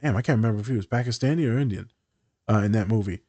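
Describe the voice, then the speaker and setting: Man, therapist co-host, casual talk, animated storyteller, sarcastic streak. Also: fairly low pitch, very fast. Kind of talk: casual podcast chat.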